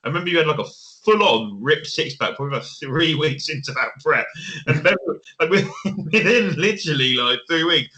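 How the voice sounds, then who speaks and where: A man hosting a casual podcast. His voice is a bit high and bright, and he talks very fast. He comes across as an excitable storyteller who swears freely. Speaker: podcast host.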